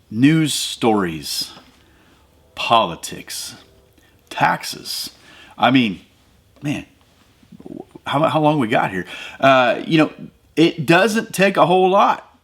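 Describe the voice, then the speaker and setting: A man's voice: medium pitch, fairly bright tone. A middle-aged man from the American Midwest hosting a devotional podcast, talking conversationally and building to emphatic, preacher-like runs. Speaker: podcast host.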